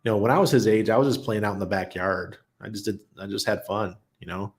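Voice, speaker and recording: Speaking fast in a fairly low, steady voice with a breathy edge, a middle-aged man runs a laid-back livestream for his crypto channel. He reads out viewer comments, chats freely, tells stories and laughs readily.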